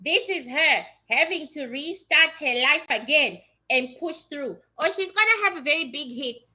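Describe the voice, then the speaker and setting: A woman's voice: high-pitched, expressive, moderate pace, sharp tone. A woman giving a casual, blunt psychic reading to her viewers, chatty and swearing freely. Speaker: psychic reader.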